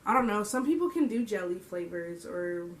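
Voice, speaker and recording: A woman's voice: medium pitch, animated, normal speed, distant mic, slight background noise. A young adult woman vlogging, telling a story to camera in a casual, slangy way and laughing often. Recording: roomy echo.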